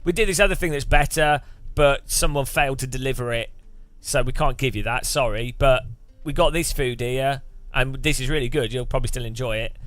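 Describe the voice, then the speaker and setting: Give me a weary, blunt waiter, as a man puts him on, grumbling in a flat way. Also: medium pitch, fairly quick, no room sound, soft background music, voice pushed down, close to an everyday voice. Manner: flat, grumbling, matter-of-fact.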